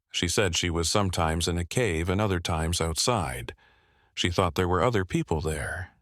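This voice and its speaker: A man narrating a dark story in a steady, even storytelling manner. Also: deep voice, no echo, studio quality. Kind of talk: scripted narration.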